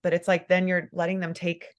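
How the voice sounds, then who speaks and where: Her pitch is fairly low and monotone, and she speaks fairly quickly. She's a podcast host leading a casual interview, emotional and fervent in tone, with plenty of laughter.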